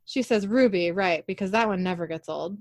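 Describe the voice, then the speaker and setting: A woman speaks a little fast at medium pitch, casually recapping a TV episode for her podcast. She retells it with energy and voices the characters' lines herself, in a clean, echo-free studio recording.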